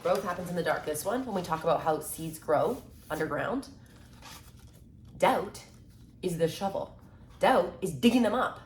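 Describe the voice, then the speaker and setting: A woman in her twenties giving casual motivational talk to camera, chatty and upbeat, acting out quick little exchanges and saying "like" and "right?" a lot. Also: lowish voice, animated, slight background noise. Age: 20s. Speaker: mindset content creator. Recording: echoey room with faint ambience.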